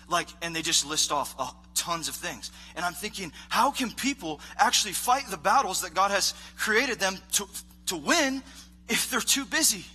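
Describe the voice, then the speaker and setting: A man preaching a casual, animated sermon as a youth pastor, acting out voices of characters. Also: sits high, normal speed, husky.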